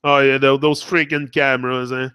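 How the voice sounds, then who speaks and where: A man's voice: mid-range voice, flat delivery, normal speed, bright, forceful tone, clear, resonant tone, no room sound, clean studio sound. A man with a Quebec French accent in a casual, rambling live monologue as a motivational streamer. He swears freely and talks back to a viewer.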